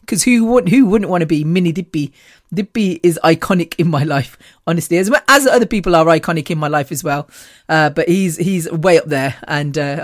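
A woman hosting a podcast, telling rambling personal stories in a chatty, animated way and laughing often. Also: sits low, no echo, clean studio sound. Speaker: podcast host.

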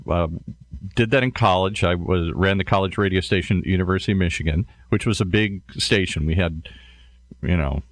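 A middle-aged man talking casually as a radio show guest, telling his story in an animated way. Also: low-pitched, no room sound.

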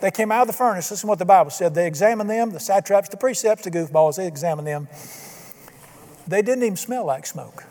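An older man preaching with a noticeably high voice, emphatic and folksy with flashes of humor. His voice rings out with a long reverb, as if filling a large church sanctuary. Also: expressive, quick pace, a little mellow. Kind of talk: sermon.

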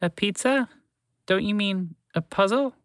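A man doing a squeaky little mouse. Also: unhurried, fairly bright tone, clear, resonant tone, dry recording, studio quality. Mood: puzzled. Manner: high squeaky urgent voice. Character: small anxious male mouse hero.

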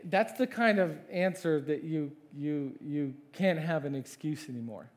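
A man preaching a sermon as pastor, conversational and animated, asking the congregation questions and acting out biblical characters. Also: fairly high pitch, measured pace. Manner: animated, acts out voices of Moses and God.

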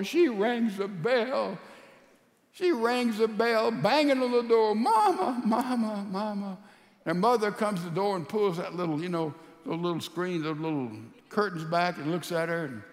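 High-voiced preacher in a reverberant hall. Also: male voice. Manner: storytelling, swings from loud to hushed. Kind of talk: sermon.

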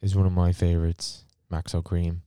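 A young Dublin man telling a rambling story in casual chat, swearing a lot and shouting out quotes now and then. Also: low voice, little pitch movement, moderate pace, clean tone, no echo, studio quality. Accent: Dublin Irish.

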